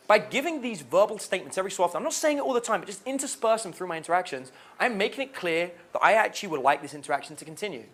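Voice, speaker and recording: A young man coaching on dating, talking in an animated way and acting out the lines he suggests. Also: high-pitched, racing. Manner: animated, acts out quoted lines. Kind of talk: dating advice talk.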